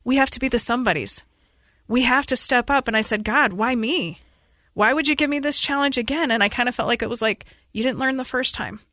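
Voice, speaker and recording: A woman in her forties, a podcast guest, telling a painful family story in an earnest, urgent, fast-flowing way. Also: a little high, pushed and bright, dry recording. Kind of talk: emotional personal interview.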